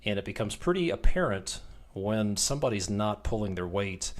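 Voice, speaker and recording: A man hosts a business podcast and explains his points through homely, folksy analogies. His speaking voice sits a little low, and he sounds easygoing and in agreement. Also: lively intonation, moderate pace, a little hiss or hum. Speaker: podcast host and business coach. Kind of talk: podcast interview.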